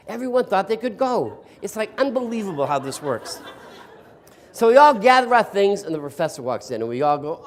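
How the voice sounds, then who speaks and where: A sarcastic older storyteller from the East Coast addresses teachers at a workshop, asking them questions in a room with a live audience. He talks briskly, his voice sitting high with a sing-song lilt.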